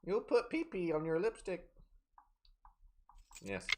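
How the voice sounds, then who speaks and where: Playful, animated male game streamer. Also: on the high side, normal speed, a little hiss or hum. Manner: joking, playful, chatting with viewers. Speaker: livestreaming gamer. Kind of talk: casual live-stream chat.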